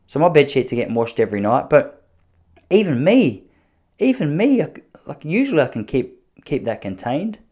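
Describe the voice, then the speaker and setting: A man's voice: a little high, sing-song, moderate pace, a little mellow. A young adult man, hosting a casual solo podcast from a spare room at home and rambling through self-mocking stories full of restarts. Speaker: podcast host.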